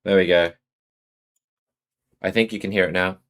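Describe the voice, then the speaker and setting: A man's voice: sits low, steady tone, normal speed, fairly bright tone. A man with an Australian accent chatting casually on a live stream, greeting and answering his viewers.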